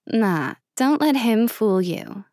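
A woman reading aloud and voicing a sharp, sarcastic young woman. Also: a little high, big pitch swings, slow, no room sound, clean studio sound, exaggerated voice. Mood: playful. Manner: tart and sarcastic.

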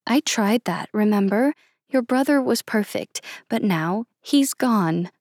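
A woman reading aloud and voicing a sharp, sarcastic young woman. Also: mid-range voice, expressive, slow, no echo, studio quality. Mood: angry. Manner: tart and sarcastic.

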